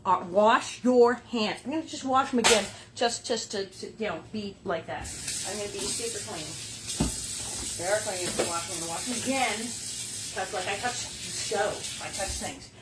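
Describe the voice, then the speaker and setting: A woman's voice: medium pitch, a little slow, heavy background noise. A woman hosting a casual cooking demonstration in a kitchen, chatty and playful, with silly sing-song asides. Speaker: cooking show host. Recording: kitchen clatter of dishes and utensils behind.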